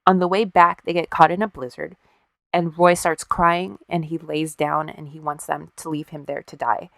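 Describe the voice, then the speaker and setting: A woman's voice: deep voice, flat delivery, normal speed, creaky, a bit bright, no echo, studio quality. Wry, profane woman telling a story. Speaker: podcast co-host. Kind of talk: casual storytelling chat.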